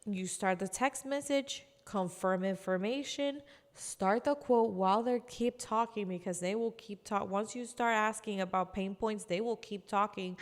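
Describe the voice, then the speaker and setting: A woman giving casual sales training, chatty, acting out customer calls in quick voices. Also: mid-range voice, big-room sound. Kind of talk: casual instructional talk.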